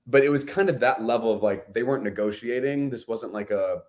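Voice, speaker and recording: A man's voice: medium pitch, brisk, a little mellow. A man, a podcast guest, telling a personal story in earnest conversation, often saying "like" and "right?".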